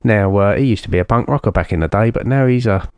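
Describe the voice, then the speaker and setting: A man presenting a radio show in a relaxed, jokey way, rambling with plenty of fillers. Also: fairly low pitch, quick pace, clear, resonant tone, no echo. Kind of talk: casual radio chat.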